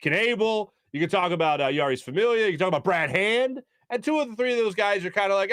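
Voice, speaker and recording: A sports-talk host, a fairly high-voiced man, talks in quick animated bursts full of "uh"s and restarts. His voice is close and dry, with no room around it. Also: clean tone, no room sound. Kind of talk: casual sports talk with live ad reads.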